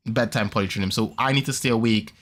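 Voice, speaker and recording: A man hosting a podcast, telling a story in casual chat, rambling and animated, with quick restarts and repeats. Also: on the low side. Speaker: podcast host.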